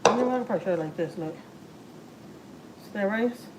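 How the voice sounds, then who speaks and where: A woman's voice: mid-range voice, expressive, fairly quick, heavy background noise. A woman, chatting casually to viewers while cooking in her home kitchen. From Houston, Texas. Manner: chatty, talks straight to viewers, lots of "like" and "y'all". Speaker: family vlogger.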